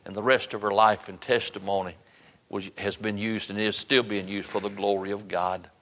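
A man's voice: fairly low pitch, little pitch movement, normal speed, fairly bright tone, long reverb tail. A man preaching a sermon and leading an altar call, earnest and pleading, repeating his phrases for emphasis. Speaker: pastor.

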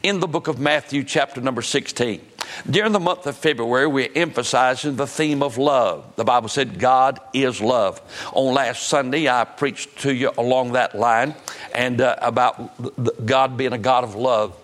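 A man preaching to his church congregation, slowing down when he quotes scripture. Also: mid-range voice, a bit bright. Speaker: pastor. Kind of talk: sermon. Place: church sanctuary.

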